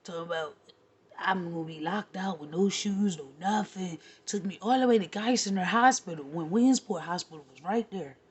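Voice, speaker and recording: A woman telling a long profane story in an animated, rambling rant, laughing now and then. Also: mid-range voice, slightly rough. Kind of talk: casual rant to camera.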